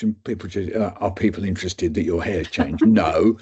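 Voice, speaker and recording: An older English man tells his story in a rambling, self-mocking way, with a low, husky voice and a dark, mellow tone. He keeps acting out what other people said to him. The sound is a dull, lo-fi webinar recording. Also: normal speed, hardly any pauses. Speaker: guest speaker. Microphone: video call.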